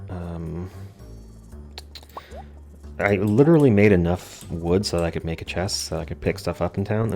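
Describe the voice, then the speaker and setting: Deep-voiced male let's play host, casual and jokey, faint music under him. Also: vocal fry, a little mellow. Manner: jokey, self-deprecating asides. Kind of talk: casual gameplay commentary.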